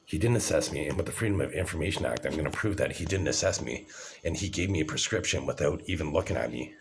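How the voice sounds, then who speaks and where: A man's voice: a bass voice, expressive, fast, a little hiss or hum. A man in his forties talking to camera in an agitated, rambling, profane monologue. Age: 40s.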